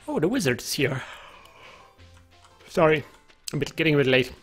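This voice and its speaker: A man's voice: on the high side, sing-song, normal speed, breathy edge, soft background music. A man giving casual let's play commentary, chatty, thinking aloud and reading game text aloud.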